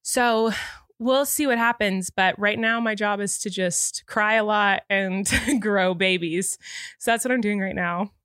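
A woman co-hosts a casual podcast while tearful and emotional. Her talk is quick and animated, with bursts of laughter, and her voice sits at a middling pitch. The recording is dry and close. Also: smooth, dry recording. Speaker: podcast co-host. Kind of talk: casual chat.

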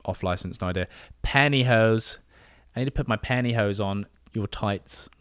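A young man with an English accent chatting casually on a podcast, relaxed and halting, often repeating his words. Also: fairly low pitch, clean tone, no room sound, clean studio sound. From England. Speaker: guest co-host, boyfriend. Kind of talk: casual chat.

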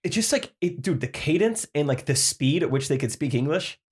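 Brief: man, co-host, slightly high voice, quick and filler-heavy. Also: expressive, slightly rough. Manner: fast, filler-heavy talk with many "like"s. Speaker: podcast co-host. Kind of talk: casual chat.

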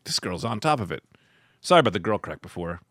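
A man's voice: low-pitched, fast, dry recording, studio quality. A man hosting casual comedic banter, joking around and acting out silly scenarios. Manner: animated, jokey, voices in quotes. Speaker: podcast host.

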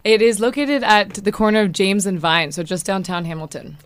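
A woman's voice: medium pitch, moderate pace, dry recording. A woman, a restaurant guest on a radio show, politely describing her food. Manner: polite, friendly, explanatory. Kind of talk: radio interview.

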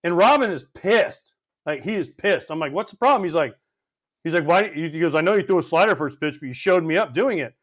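Fast, high-voiced storytelling man. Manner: animated, profane storyteller acting out quotes. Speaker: podcast co-host and former teammate. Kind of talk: casual storytelling chat.

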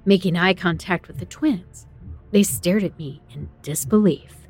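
Breathy woman narrating horror. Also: lowish voice, a little slow, a little mellow, faint music behind. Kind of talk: first-person horror story narration.

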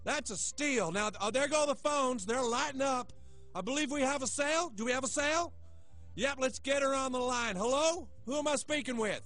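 A man playing a slick male TV shopping-channel salesman giving an exaggerated hard-sell pitch. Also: moderate pace, fairly bright tone, faint music behind.

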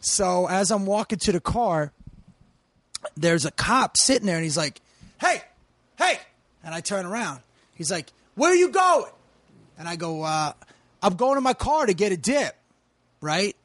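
Comedian, 40s, male, high-pitched, animated and profane, quotes people in character, dry mic. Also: normal speed, no echo. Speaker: comedian guest. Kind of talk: casual podcast storytelling.

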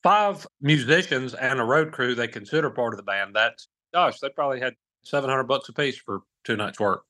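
Bright-voiced wisecracking man. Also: medium pitch, moderate pace. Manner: dry, wisecracking, thinks out loud. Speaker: podcast co-host. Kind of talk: casual chat.

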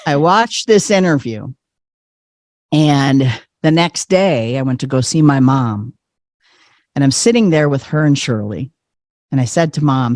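A man telling a personal story as a podcast guest, animated, laughing often and acting out the voices of people he quotes. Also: fairly high pitch, moderate pace, dry recording, clean studio sound. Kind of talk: conversational storytelling.

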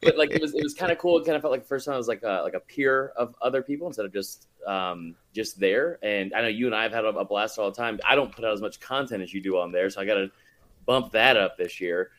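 A man's voice: on the low side, fast, a bit bright. A man talking as a podcast guest in casual chat, rambling with lots of fillers and laughing often.

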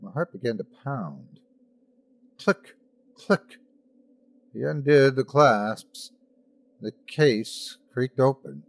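A man's voice: medium pitch, slow pace, vocal fry, no room sound. A man hosting a podcast, giving theatrical, dramatic narration of horror stories. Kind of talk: scripted horror story narration.

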